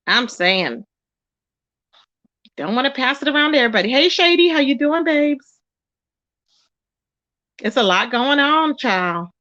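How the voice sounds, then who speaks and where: A chatty woman hosts a gossip livestream, greeting viewers warmly by name. Her voice sits a little high, close to the mic in a dry space. The stream audio is dull and lo-fi. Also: very animated, unhurried, long pauses, dry recording. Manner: chatty, greets viewers by name, calls them child and baby. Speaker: livestream commentary host. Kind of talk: casual livestream gossip chat.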